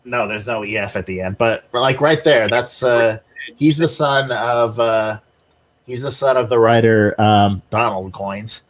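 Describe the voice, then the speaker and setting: A man co-hosting a podcast, chatting casually and explaining things in halting bursts full of "uh" and "like". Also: fairly low pitch. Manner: halting, many fillers and restarts while explaining. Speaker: podcast co-host. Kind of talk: casual chat.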